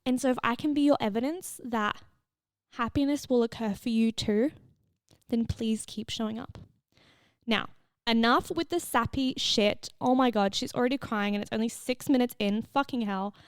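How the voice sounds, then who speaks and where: A young woman hosts a solo podcast with a somewhat high voice, chatting candidly and swearing freely. She is recorded close on a mic in a dry, dead room with no echo. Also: normal speed, smooth. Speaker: podcast host and fitness coach. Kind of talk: casual solo podcast chat.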